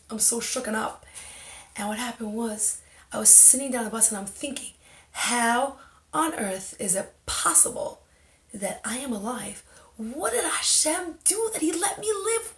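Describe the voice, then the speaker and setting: Woman host, fairly high voice, emotional and dramatic storytelling, roomy echo. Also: creaky. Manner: emotional, intense retelling with dramatic voicing. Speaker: podcast host. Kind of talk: personal story and inspirational talk.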